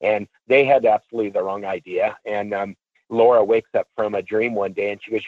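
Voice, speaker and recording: A man, an auctioneer, telling a long anecdote in a radio interview, casual and animated, and he acts out what people said. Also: fairly low pitch, a little fast, no room sound, narrow, tinny audio. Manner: animated storyteller, acts out quotes; casual, swears freely. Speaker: auctioneer guest. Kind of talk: storytelling interview.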